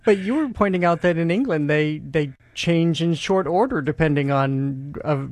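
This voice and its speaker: A man hosting a radio culture show, chatting with a guest in quick sentences that often restart before signing off. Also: on the high side, darkish tone, no room sound. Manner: friendly, quick, stumbling restarts. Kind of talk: radio interview and sign-off.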